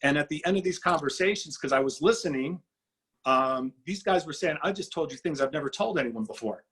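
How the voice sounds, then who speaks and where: A middle-aged man telling his story in an interview, animated and acting out quoted dialogue. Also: on the high side, fairly quick, breathy edge, poor audio. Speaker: guest speaker.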